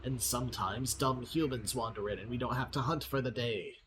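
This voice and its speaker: A man's voice: medium pitch, brisk, noisy background, lightly acted. A man voicing a boastful, cruel male gremlin lord in a computer game, in a smug, taunting, mock-regal manner.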